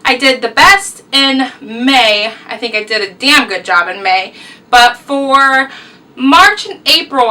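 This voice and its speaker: Girl rambling about books she loved, high voice, mic kinda far. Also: pushed and bright. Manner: chatty, rambling, enthusiastic. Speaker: book vlogger. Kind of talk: casual book review vlog.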